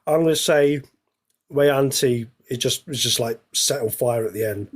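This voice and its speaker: Male podcast co-host, mid-pitched husky voice, wry and amused. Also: moderate pace. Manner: wry, amused, laughs through his points. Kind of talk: casual chat.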